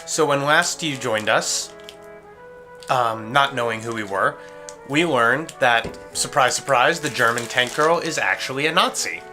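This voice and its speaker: A man's voice: medium pitch, measured pace, pushed and bright, faint music behind. A young man hosting a casual let's play, joking and laughing as he goes. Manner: joking, laughs often, reads game lines aloud. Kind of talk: casual gaming commentary.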